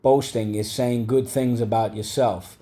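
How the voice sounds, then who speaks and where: A man with a mid-range, warm voice speaks unhurriedly and with fairly even intonation. He is teaching a vocabulary and phonics lesson, patiently repeating each word and having the class echo it back.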